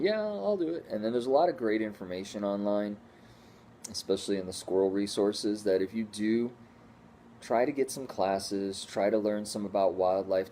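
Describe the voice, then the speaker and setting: A man's voice: on the low side, warm tone, a little hiss or hum. A man from the Northeastern United States chatting casually at home in a rambling, easygoing way, full of restarts. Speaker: squirrel rehabber vlogger. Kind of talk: casual home vlog chat.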